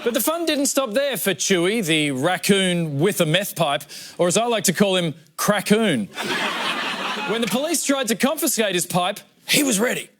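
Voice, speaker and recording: A man's voice: sits high, expressive, normal speed, background noise. A man with an Australian accent hosting a satirical news comedy show, delivering jokes in a dry, mock-serious way. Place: TV studio with audience.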